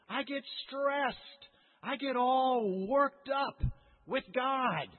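A man with a high, husky voice preaches a sermon and keeps firing questions at his listeners in a lively, conversational way. His voice rings through a large hall with a long echo, and the sound is thin and tinny, like a phone line. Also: a little slow. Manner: animated, conversational, asks the audience questions. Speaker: pastor.

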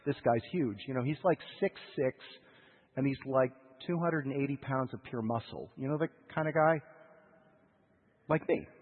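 A man preaching a sermon in a husky voice, telling a story with emotional swings between loud urgency and hushed lows, heard over a tinny radio broadcast. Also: normal speed. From United States. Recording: tinny radio broadcast with long hall reverb.

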